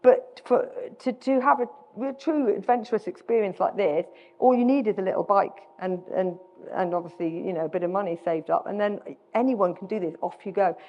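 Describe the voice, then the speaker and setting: A woman's voice: medium pitch, fairly quick. A middle-aged British woman with a British accent, giving a self-deprecating live talk as a guest speaker, often restarting her sentences. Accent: British English. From Britain. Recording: dull sound with long hall reverb.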